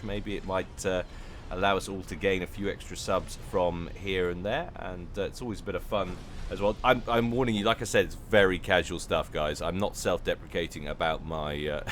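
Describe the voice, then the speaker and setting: A low-voiced man casting a strategy game replay. He talks in a loose, rambling way and often jokes about his own skill. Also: a bit bright, slight background noise. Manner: chatty, rambling, self-deprecating. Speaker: game caster. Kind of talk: casual game commentary.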